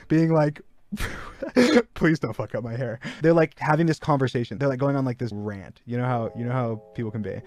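A man's voice: on the high side, a little mellow. A young man telling a long story on his livestream in a rambling, filler-heavy way that pokes fun at himself. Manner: rambling, filler-heavy, self-mocking, breaks into laughter. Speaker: streamer.

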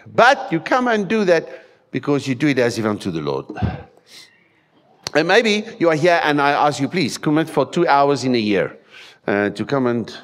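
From the pulpit of a church hall, an Afrikaans-born South African pastor delivers a sermon in a somewhat low voice. He preaches with emphasis and animation, peppering the congregation with rhetorical questions.

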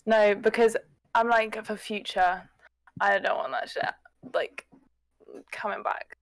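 A young woman chats casually, hesitant and soft-spoken. Her voice has a gravelly fry. The recording is close and dry. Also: mid-range voice, steady tone, slow pace, dry recording. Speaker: date guest. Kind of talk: casual chat.

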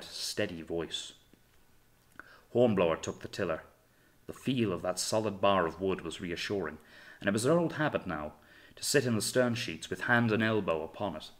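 A man reading a novel aloud in measured, dramatic storytelling narration. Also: low voice, fairly bright tone. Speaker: audiobook narrator. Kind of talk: scripted narration.

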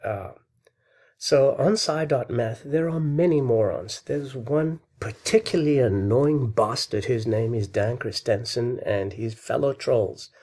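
A man hosts a math lecture video as an angry, insulting rant, clearly worked up. His voice is mellow and dark, sitting at an everyday male pitch. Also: measured pace. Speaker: host of a math channel.

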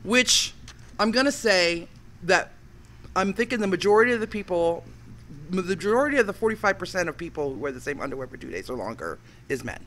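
A man's voice: high voice, brisk, slight background noise. A man co-hosting a casual chat, reading from the chat and talking bluntly. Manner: animated, blunt.

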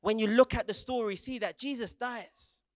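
A man's voice: very high voice, normal speed, no echo, studio quality. A young adult man preaching a dramatic sermon to young people, retelling scenes vividly with stammered restarts and prompts for the audience to join in.

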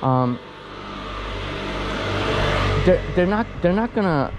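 A man's voice: high voice, animated, slow, muffled recording, background noise. A man vlogging while riding a bicycle outdoors, talking casually in a rambling way with many fillers and restarts, a little out of breath. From United States. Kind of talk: casual chat while cycling.

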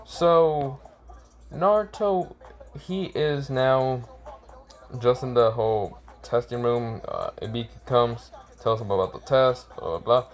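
A man's voice: medium pitch, slow pace. A man casually retelling an improvised fan story, rambling with lots of fillers, stumbling over names and correcting himself. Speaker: YouTube storyteller.

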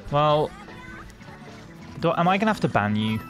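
A man's voice: on the high side, very animated, moderate pace, soft background music. A man, chatting playfully while streaming a video game. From Austria. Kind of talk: casual gaming chat.

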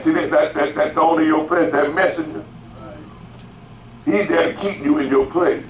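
Man, pastor, sermon, fairly high voice, repetitive call-and-response delivery, roomy church echo. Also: fairly even intonation, moderate pace, pauses often. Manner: repeats words, call-and-response preaching with rising shouts. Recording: roomy echo, faint background noise.

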